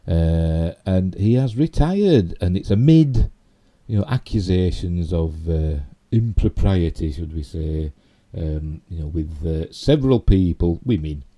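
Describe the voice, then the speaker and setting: A middle-aged man with a Yorkshire accent chatting through a casual live stream, rambling with many fillers and asides, his voice a little hoarse. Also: deep voice, animated, measured pace, few pauses, mellow. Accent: Yorkshire English. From Yorkshire, England. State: slightly hoarse. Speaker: channel host.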